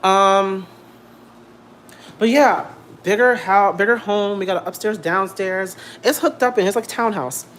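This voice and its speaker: Blunt, animated young man ranting. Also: sits high, unhurried, slight background noise. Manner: animated, repetitive, blunt and profane. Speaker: vlogger. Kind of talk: casual vlog rant. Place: home.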